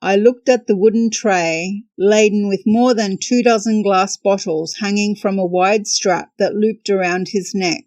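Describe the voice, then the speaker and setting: A woman's voice: medium pitch, fairly even intonation, a little slow, hardly any pauses, darkish tone, dry recording. A woman hosting a podcast, narrating a travel story from a script with wry, dry humor.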